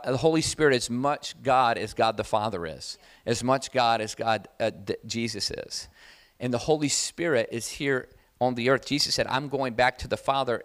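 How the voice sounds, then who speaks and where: A man preaching a sermon, telling a personal testimony in a conversational, animated way that builds to loud, emphatic preaching. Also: medium pitch.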